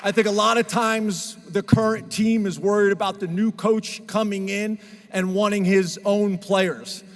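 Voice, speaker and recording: A middle-aged head football coach gives an earnest, emotional press conference speech. His voice sits high, and it rings out with a long reverb in the room. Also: fairly even intonation, unhurried. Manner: emotional, earnest, choked up at times.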